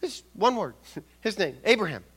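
An older man preaching a sermon on scripture, measured and earnest, often restarting his words and adding soft asides. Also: high-pitched, big pitch swings, slightly rough.

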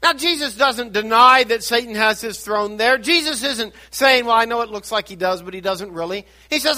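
Animated high-voiced older preacher. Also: male voice, moderate pace, hardly any pauses. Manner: dynamic preaching, swinging from hushed to shouted emphasis. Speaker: pastor. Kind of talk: sermon.

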